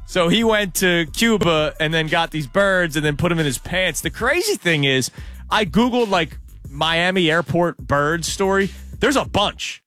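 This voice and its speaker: A chatty male host on a sports talk show, easygoing and quick to laugh. His voice sits a little higher than most men's, and faint music plays behind him. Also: animated, a bit bright.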